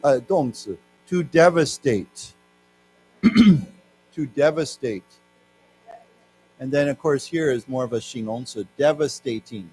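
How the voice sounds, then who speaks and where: An American man teaching English to a class, explaining words slowly, having the class repeat them, and dropping Mandarin words into his explanations. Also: medium pitch, a little mellow, poor audio. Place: lecture room with audience. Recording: faint music and mains hum behind.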